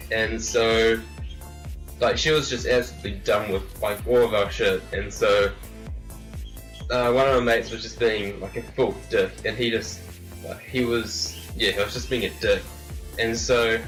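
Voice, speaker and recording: A man's voice: mid-range voice, a bit bright. Rambling teen guy, distant mic. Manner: rambling, full of "like" fillers. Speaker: vlogger. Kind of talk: casual storytelling. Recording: distant mic with faint music.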